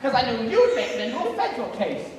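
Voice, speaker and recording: A student actor doing a blustery old husband who bickers and scolds, his voice rising and falling widely. He is heard from far off in an echoing school hall with steady background noise. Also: mid-range voice, normal speed. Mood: scolding. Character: grumbling older married man, caterer, bossy. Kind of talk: stage play performance. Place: school auditorium stage. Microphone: distant stage pickup. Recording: echoey hall from far off, noisy.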